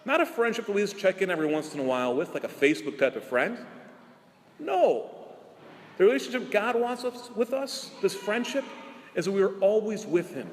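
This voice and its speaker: High-voiced priest preaching in a reverberant church. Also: male voice, big pitch swings, slight background noise. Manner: earnest preaching with rhetorical questions and slow emphatic endings. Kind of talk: sermon.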